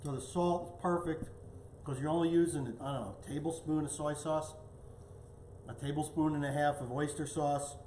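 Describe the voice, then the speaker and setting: A man with a slightly high voice hosts a relaxed home cooking show, chatting away as he plates and tastes. His voice rings around an echoey kitchen with a faint hiss underneath. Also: normal speed. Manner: chatty, talks while tasting and plating. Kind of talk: casual cooking demonstration.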